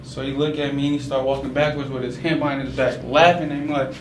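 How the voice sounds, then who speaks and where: A man's voice: medium pitch, little pitch movement, quick pace, recorded from a distance. A young man telling a personal story in a casual, slangy way full of "like". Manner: casual and slangy, many "like" fillers. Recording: echoey room with background noise.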